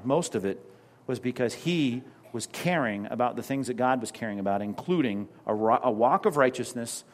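A middle-aged pastor with a medium-pitched voice preaches a sermon animatedly. He suddenly drops into a hush at times and throws in mocking asides.

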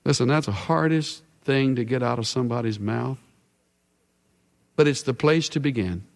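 A male pastor preaching a sermon in an earnest way, his voice swelling and then dropping to a hush. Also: medium pitch, normal speed, vocal fry. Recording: long hall reverb.

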